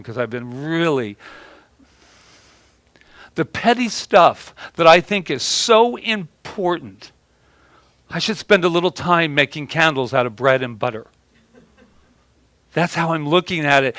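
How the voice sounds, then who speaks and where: A pastor with a mid-range, slightly bright voice rambles through a sermon, restarting often and repeating words. The sound is dry, with no echo.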